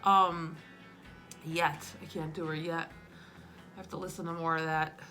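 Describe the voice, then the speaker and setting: Bright, chatty woman riffing. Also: low-pitched, flat delivery, a little slow, soft background music. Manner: chatty, rambling, laughs at herself. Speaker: comedian. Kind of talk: casual comedy monologue.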